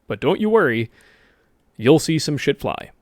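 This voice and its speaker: A man's voice: on the high side, very animated, moderate pace, a little mellow, no echo, studio quality. Rambling man doing casual game commentary. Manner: rambling, self-correcting, jokey asides. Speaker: gaming video host.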